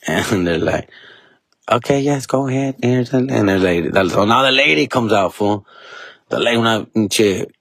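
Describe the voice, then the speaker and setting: A man's voice: on the low side, unhurried, vocal fry, fairly bright tone, no echo, studio quality. A man, a comedian and podcast host telling stories in a casual, profane, slang-heavy way, dropping Spanish words and ending lines with "dog" and "fool". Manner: drops Spanish words and phrases.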